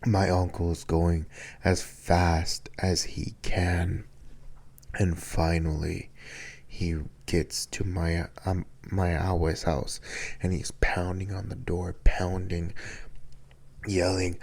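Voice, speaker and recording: Man, podcast host, slow, dark mellow voice, scary storytelling. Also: sits low, flat delivery, creaky.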